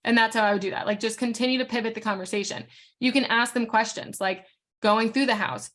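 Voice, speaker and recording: A woman leading a casual training session as a real estate coach. She is frank and talks quickly, full of fillers and restarts. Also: a little high, steady tone, a bit bright.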